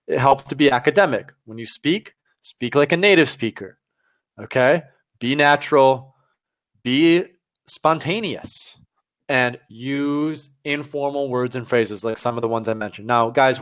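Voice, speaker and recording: A man teaching test preparation on a live stream, talking straight to viewers in an energetic, direct way. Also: mid-range voice.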